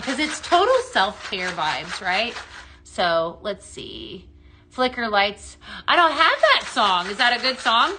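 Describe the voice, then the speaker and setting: A woman's voice: fairly high pitch, sharp tone, slight background noise. A woman hosting a chatty live home-decor sales stream from her home, reading viewer comments aloud.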